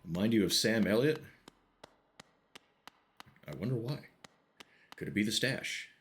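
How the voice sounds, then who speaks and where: A man with a very deep voice streams a game and chats loosely with his viewers. He is wry and relaxed and half-mutters to himself between lines. A faint hiss sits under his desk mic. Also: a little slow. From American Midwest. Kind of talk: casual gameplay commentary chatting with viewers.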